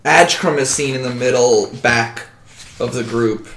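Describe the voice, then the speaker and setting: Serving as both game master and podcast host, a man narrates a tabletop game casually and jokingly, swearing freely and laughing between descriptions. His voice is mid-range, his pace measured, and there's a noisy background.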